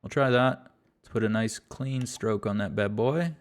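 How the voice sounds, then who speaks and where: A man's voice: lowish voice, measured pace. A man giving exasperated, self-deprecating play-by-play commentary while playing a golf video game. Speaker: gaming YouTuber.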